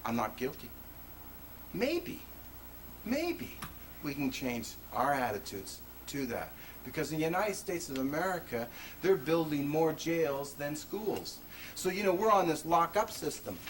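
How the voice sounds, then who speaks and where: Recorded on 1980s video through a distant mic, with faint noise, a man addresses an audience at a presentation venue. His voice is on the high side, with lively intonation and a normal pace. He passionately relates his own story in an emphatic, conversational style, his voice suddenly rising.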